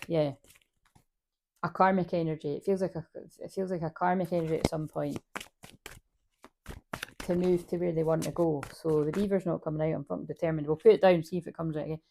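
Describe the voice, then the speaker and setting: A woman's voice: lowish voice, warm tone. A woman giving a casual spiritual card reading, rambling, swearing freely and laughing at herself. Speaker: spiritual reader.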